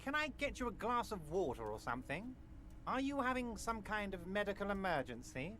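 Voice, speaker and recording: Slick scheming union boss, patronizing calm, lilting delivery, game VO. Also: male voice, high-pitched, brisk, a little hiss or hum, exaggerated voice. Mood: smug reassuring. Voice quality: soothing, overly reassuring, patronizing. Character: smooth, scheming, obese male union boss. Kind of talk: video game voice acting.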